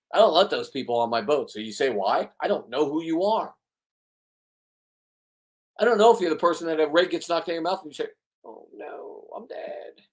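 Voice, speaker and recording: A middle-aged man, a spearfishing boat captain, talking in a rambling, heated monologue full of swearing and repeated words. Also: medium pitch. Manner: heated, profane, repeats himself.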